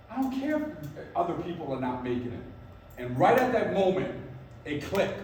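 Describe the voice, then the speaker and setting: A man in his fifties gives a motivational talk to a live audience, emphatic and repetitive, often asking "right?" His voice is a little high and very animated, with a darkish tone at a normal pace. He's recorded from far off in an echoey room with faint background ambience and slight noise.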